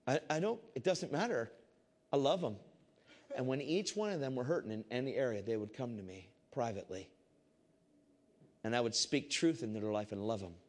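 A man giving a casual, animated Christian testimony to a group. He swings between loud excitement and hushed intensity. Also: mid-range voice, fairly quick. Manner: casual, repeats "I said" often. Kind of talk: testimony storytelling to a crowd.

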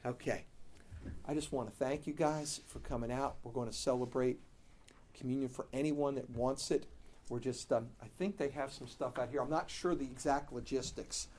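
A middle-aged man preaching a sermon, telling a story with bursts of loud animation and soft, low-key emphasis on his main points. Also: normal speed, a little hiss or hum.

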